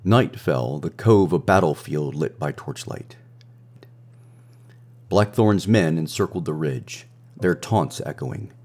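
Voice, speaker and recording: A man narrating a scripted romance adventure story in a measured, dramatic way. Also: very deep voice, animated, a little mellow. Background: faint music.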